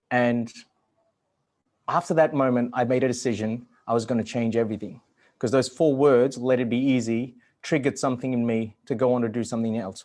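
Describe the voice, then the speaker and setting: A man speaking as a guest at an online summit, telling a personal story in an earnest way, swearing at times and growing animated when excited. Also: mid-range voice. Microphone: video call.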